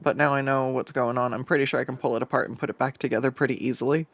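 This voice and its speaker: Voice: medium pitch, steady tone, rapid-fire, no echo. A livestreaming artist chatting casually while drawing, rambling with profanity and stumbling restarts, on a desk microphone at a home setup.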